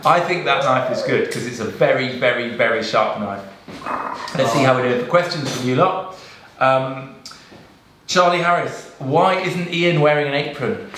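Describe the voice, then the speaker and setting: A man's voice: medium pitch, normal speed, fairly bright tone, slight background noise. Chatty English man in an echoey kitchen. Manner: chatty, jokey, reads out viewer questions. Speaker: co-host of a live cooking stream. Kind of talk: casual live-stream chat. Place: home kitchen.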